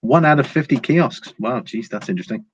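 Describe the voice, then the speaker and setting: Man, stream host, halting casual delivery full of "uh"s, mid-pitched voice, dull lo-fi audio with faint hiss. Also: animated. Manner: halting, frequent fillers and restarts; reads viewer comments aloud and replies. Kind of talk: casual live-stream market chat.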